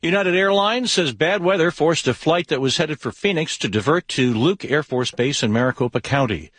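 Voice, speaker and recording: A man anchoring a radio newscast, reading headlines in a crisp, measured way. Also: on the high side, lively intonation, fairly bright tone, no room sound. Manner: crisp read news copy. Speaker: news anchor. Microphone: studio mic.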